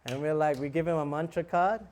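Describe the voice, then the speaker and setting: A monk preaching who tells a lively story, acting out scenes and laughing. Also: male voice, on the high side, fairly quick, slight background noise. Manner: animated, laughing, acts out scenes. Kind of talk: storytelling sermon.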